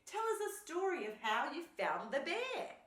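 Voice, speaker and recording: A woman voicing an eager little storybook raccoon who pleads in a high voice, recorded in a roomy space from a distance. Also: very animated, normal speed, a bit bright, full character voice.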